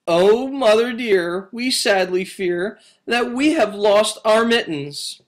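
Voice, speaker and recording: A man voicing a group of small sad kittens in a high, plaintive sing-song while reading a nursery rhyme to children. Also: lively intonation, slow pace. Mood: sad pleading. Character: three little kittens, small and sorrowful.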